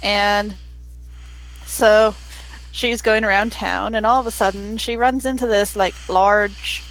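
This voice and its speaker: A young adult woman playing a tabletop game, telling her character's story in a chatty, animated way. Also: medium pitch, slow pace, low-quality recording. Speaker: player.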